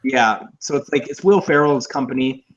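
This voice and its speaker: A young man co-hosting a casual movie podcast, rambling, profane and excitable. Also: mid-range voice, moderate pace, dull audio, slight background noise. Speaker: podcast co-host.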